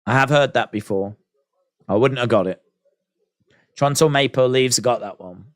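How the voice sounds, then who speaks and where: A British man hosts a casual watch-along live stream, thinking out loud, reading viewer comments and making fun of himself. His mid-range voice runs at normal speed, with studio-quality sound and no echo.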